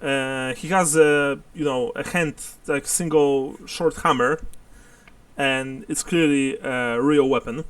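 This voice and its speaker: A man's voice: mid-range voice, fairly even intonation, takes it slowly, fairly bright tone, smooth, no echo, recorded from a distance. A man narrating a tabletop role-playing game as game master, chuckling often as he describes scenes.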